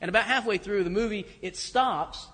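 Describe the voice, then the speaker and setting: High-voiced preacher telling stories. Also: male voice, normal speed, a bit bright. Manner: storytelling, conversational, self-deprecating with chuckles. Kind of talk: sermon. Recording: long hall reverb.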